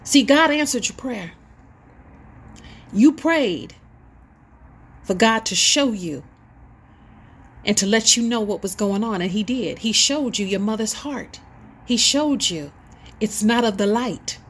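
A woman's voice: a little high, lively intonation, takes it slowly, long pauses, breathy edge. Impassioned woman preaching a testimony. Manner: impassioned, preacherly, rising and falling emphasis. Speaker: host and inspirational speaker. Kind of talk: spoken sermon-style testimony.

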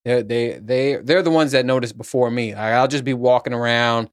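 A man's voice: mid-range voice, fairly even intonation, moderate pace, clean tone, dry recording. Middle-aged guy rambling on his podcast, cussing a lot, dry close sound. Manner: rambling, profane, self-mocking. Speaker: podcast host. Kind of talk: casual solo podcast chat. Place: at his workplace on lunch break.

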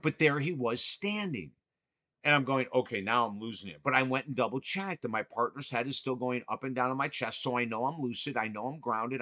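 Earnest man with a bright voice. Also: medium pitch, no room sound. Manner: earnest, emphatic, swings from excited to hushed. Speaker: podcast host. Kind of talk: personal storytelling.

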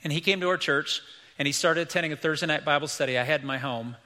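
A man's voice: fairly high pitch, fast talker, pushed and bright, long reverb tail. A middle-aged man preaching a sermon as pastor, emphatic and repeating key lines, acting out quoted voices.

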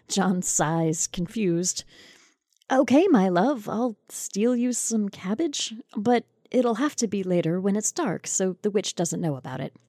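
A woman's voice: fairly low pitch, warm tone, no echo. A woman narrating a comic fairy tale in a wry, scripted way, with conversational asides, recorded close to the mic. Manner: whispered intro. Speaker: storyteller.

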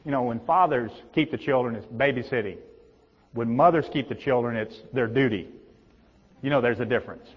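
A middle-aged male pastor preaching a sermon, swinging between loud emphatic peaks and hushed low tones. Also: a little fast, husky. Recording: dull reverberant hall sound.

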